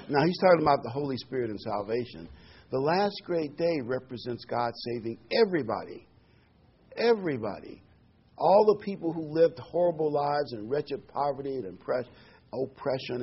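This preacher speaks at a moderate pace in an expressive mid-range voice with a breathy edge. Earnest and emphatic, he repeats key words and lets slip an occasional um, all on a dull lo-fi recording.

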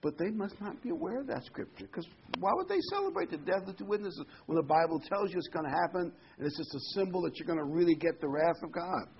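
A man's voice: high-pitched, expressive, fast talker, few pauses, slight background noise. Emphatic male preacher, lo-fi recording. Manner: conversational, emphatic, repeats phrases. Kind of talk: sermon. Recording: dull lo-fi recording.

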